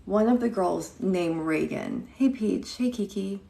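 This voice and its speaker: A woman's voice: medium pitch, a little slow, vocal fry, warm tone. A woman in her thirties telling a story casually on a livestream, chatty, greeting viewers by name between sentences and acting out what others said. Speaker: livestream host. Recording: echoey room.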